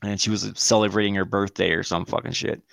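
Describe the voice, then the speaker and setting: A man's voice: lowish voice, steady tone, fast, gravelly, a bit bright. Profane laughing storyteller, a man. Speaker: podcast co-host. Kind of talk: casual storytelling chat.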